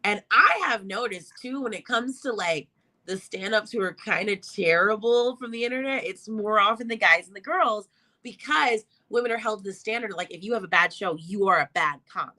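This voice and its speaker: Bright chatty woman comedian guest. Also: mid-range voice, poor audio. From Arlington, Texas. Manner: quick, chatty, emphatic. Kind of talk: casual interview chat.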